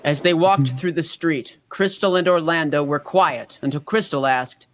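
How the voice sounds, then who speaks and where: A man taking over narration in a comedic fanfiction table read, reading in a measured way. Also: on the high side, fairly bright tone, slight background noise.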